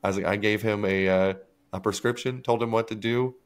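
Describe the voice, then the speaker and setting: This podcast co-host is a man whose lowish voice is clean and steady, his pace a touch quick. Chatting casually, he spins a story and performs other people's lines with laughter.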